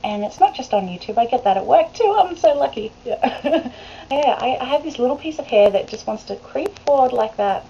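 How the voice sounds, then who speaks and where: A woman's voice: high-pitched, lively intonation, normal speed, gravelly, warm tone. A woman, chatting casually to a webcam in a rambling way that is full of laughs. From Australia. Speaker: vlogger. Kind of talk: casual chat to camera. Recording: dull lo-fi webcam recording with faint hiss.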